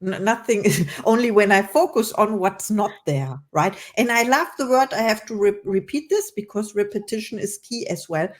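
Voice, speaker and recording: A woman hosting an interview, enthusiastic and warm, laughing often between her questions. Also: mid-range voice, animated, normal speed, hardly any pauses. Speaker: podcast host. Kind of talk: conversational interview.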